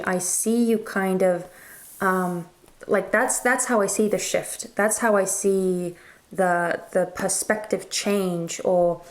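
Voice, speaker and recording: A woman's voice: fairly low pitch, gravelly. A woman giving a casual spoken tarot reading, musing and hesitant with many fillers and restarts, her throat a little strained. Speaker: tarot reader.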